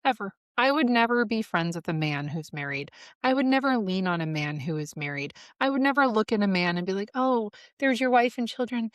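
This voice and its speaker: Laughing often as she speaks, a woman in her forties hosts a solo podcast through a studio mic, candidly telling her story with profanity and occasional heated outbursts. Her mid-range voice swings widely in pitch and runs fairly quick.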